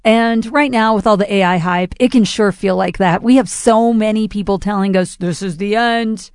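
A woman's voice: mid-range voice, moderate pace, a little mellow, smooth, no room sound, clean studio sound. A woman radio DJ making an informal, earnest on-air appeal for donations.

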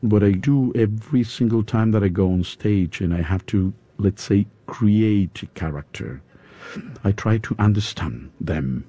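A man with a Spanish accent, an opera singer interviewed in English, his second language, pausing often to search for words. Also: fairly low pitch, dark tone. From Spain. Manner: halting, searching for words with fillers.

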